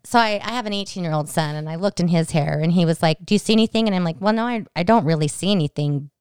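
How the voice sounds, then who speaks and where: Talking fast in a fairly low, slightly mellow voice, this podcast co-host is a woman in her forties who chats casually and voices family members' dialogue while telling a story. The sound is studio quality, with a clean tone and no echo.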